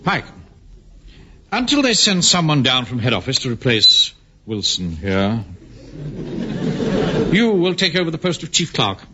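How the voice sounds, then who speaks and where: A pompous middle-aged bank manager and captain who blusters and swings his voice up and down for effect. The old broadcast sounds muffled under a steady hiss. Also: medium pitch, unhurried, pauses often. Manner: pompous, self-important and blustering. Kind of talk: 1970s radio sitcom acting. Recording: hissy, dull old radio recording.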